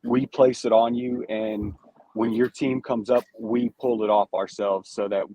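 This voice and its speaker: A paintball referee talking casually, relaxed, explaining with restarts. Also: male voice, medium pitch, a little slow, breathy edge, rough recording. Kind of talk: casual chat.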